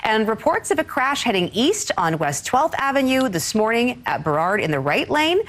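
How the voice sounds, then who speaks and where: Lively-voiced woman morning news host. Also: on the high side, moderate pace. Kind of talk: live morning TV presenting.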